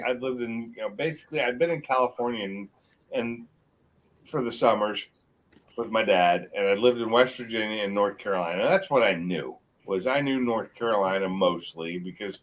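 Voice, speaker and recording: A middle-aged man with a mixed American accent, chatting casually as a guest on a livestream and rambling with halting restarts. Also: on the low side, poor audio. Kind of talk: casual chat.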